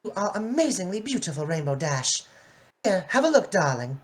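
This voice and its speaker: A woman's voice: fairly low pitch, big pitch swings, normal speed, slightly rough. A woman voicing an elegant, refined female pony fashion designer who dotes on others and calls them darling. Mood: gushing. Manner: posh, doting, says darling.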